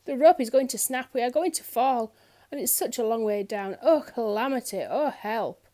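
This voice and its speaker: A woman voicing a timid little storybook man who gets frantic and exclaims loudly. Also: high-pitched, animated, fairly quick, pitched above the performer's own voice. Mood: panicked. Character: timid little cartoonish man, easily panicked.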